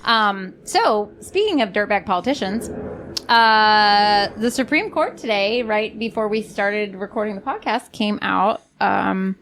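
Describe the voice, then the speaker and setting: Creaky-voiced woman podcast host. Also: mid-range voice, measured pace, fairly bright tone, a little hiss or hum. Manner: chatty, blunt, many fillers and restarts; sarcastic about politicians. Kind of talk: casual podcast chat.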